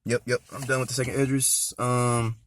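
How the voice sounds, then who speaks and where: A man reading scripture aloud and commenting on it in a casual, emphatic way. He keeps checking in with "man" and "all right?", and he reads the verses louder and slower. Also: mid-range voice, flat delivery. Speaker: scripture reader and preacher.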